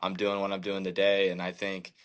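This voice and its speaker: A man's voice: sits low, completely flat delivery. Earnest man telling a hard story. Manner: earnest, halting, many fillers and restarts; emotional, reflective faith talk. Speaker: podcast guest, baseball pitcher. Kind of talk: candid personal storytelling.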